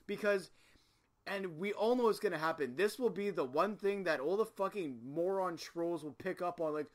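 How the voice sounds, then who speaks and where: A man's voice: high voice, moderate pace, fairly bright tone. A man from Canada hosting a casual wrestling podcast, ranting with exasperation and frequent swearing. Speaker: podcast host. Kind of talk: casual chat.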